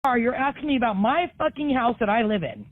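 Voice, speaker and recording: A woman's voice: fairly high pitch, sing-song, fast, no echo. A woman on a recorded phone call, angrily confronting a caller and swearing as a homeowner. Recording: tinny phone line.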